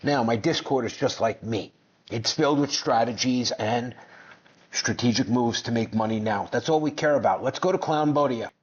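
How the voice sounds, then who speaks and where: A man's voice: mid-range voice, moderate pace. A man giving brash, mocking commentary on finance clips, boastful and combative. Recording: dull lo-fi sound.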